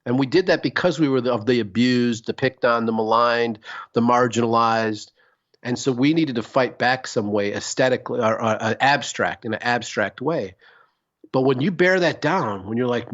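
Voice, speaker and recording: Man, podcast co-host, casual chat, rambling, emphatic, swears a lot, mid pitch, dull lo-fi sound. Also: normal speed.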